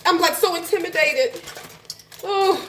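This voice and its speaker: A woman vlogging casually while cooking, nervous and excitable, gasping and saying "oh gosh" often. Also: a little high, normal speed. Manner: chatty, nervous and excitable, lots of gasps and "oh gosh". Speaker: health and life coach, vlogger. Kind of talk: casual home cooking vlog. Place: home kitchen. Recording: echoey kitchen with faint frying noise.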